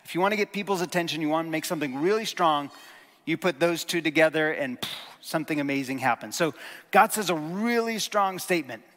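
A man's voice: fairly high pitch, expressive, a little fast, a bit bright. A man giving a sermon in a conversational teaching style, with enthusiastic asides. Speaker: pastor. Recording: reverberant hall.

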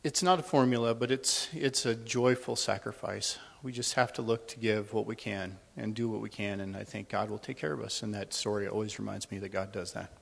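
A man's voice: on the low side, level tone, brisk, creaky, hardly any pauses, husky. A middle-aged man sharing a personal testimony with a congregation in a church, speaking conversationally and a little nervously. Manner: conversational and a little nervous, with many ums and restarts. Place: church hall. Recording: long hall reverb.

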